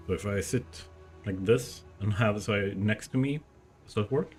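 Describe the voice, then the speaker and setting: A man with a fairly low voice chats loosely with his stream audience, rambling as he fiddles with his desk mic at home. Soft music plays faintly underneath. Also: moderate pace. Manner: chatty, rambling while testing his mic. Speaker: game streamer. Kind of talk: casual live-stream chat. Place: room at home. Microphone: desk mic, moved around while talking.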